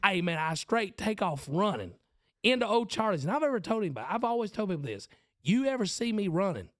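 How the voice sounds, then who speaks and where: Southern preacher guy in his 40s, chatty storyteller, pitch all over the place, slightly high voice. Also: fast talker, no echo, studio quality. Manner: animated Southern storyteller, self-mocking. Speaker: podcast host and preacher. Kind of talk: casual storytelling chat.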